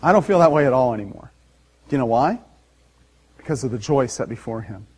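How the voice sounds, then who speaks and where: A man preaching a sermon, animated and laughing often, acting out the voices in the story. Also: mid-range voice, a little fast, husky. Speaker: pastor.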